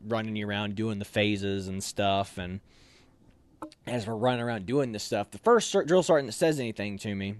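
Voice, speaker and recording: With a fairly low, clear, resonant voice at normal speed, an officer candidate tells a story in a casual interview. He's animated, leans on many fillers, and acts out the voices of the people in the tale.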